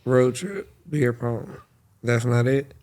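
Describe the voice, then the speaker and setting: A man's voice: mid-range voice, slow pace, darkish tone. A man on a casual podcast, mostly reacting with short remarks and swearing freely. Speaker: podcast co-host. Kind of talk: casual chat.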